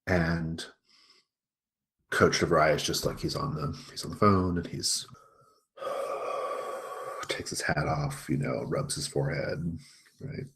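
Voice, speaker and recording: A man with a very low voice narrates as game master. He talks in a loose, chatty way, full of fillers. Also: fairly even intonation, slow pace, vocal fry, long pauses, fairly bright tone.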